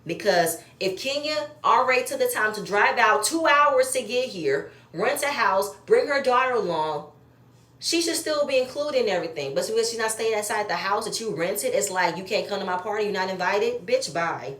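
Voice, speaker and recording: A woman's voice: on the high side, expressive, normal speed, fairly bright tone. A woman giving blunt, profane, opinionated commentary while she reviews a reality show episode. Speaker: reality TV recap host. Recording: echoey room.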